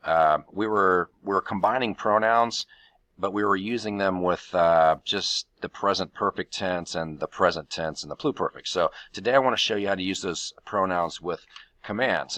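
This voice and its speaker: A man teaching a Spanish grammar lesson, walking through the steps of each rule with frequent fillers and pauses. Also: deep voice, sharp tone.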